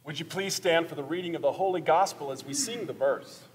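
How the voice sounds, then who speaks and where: Man reading the gospel in church. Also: on the high side. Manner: formal, measured reading. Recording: echoey church from afar.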